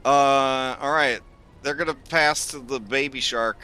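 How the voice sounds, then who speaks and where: A man's voice: medium pitch, steady tone, measured pace, sharp tone, clean tone. A man running a tabletop game as game master, narrating in a rambling way with lots of fillers and restarts.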